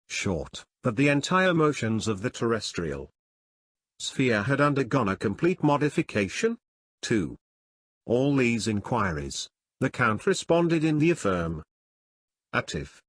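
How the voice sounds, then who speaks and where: A man narrating a classic adventure novel in a measured, expressive reading. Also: medium pitch, breathy edge, no echo. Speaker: audiobook narrator. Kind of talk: scripted narration.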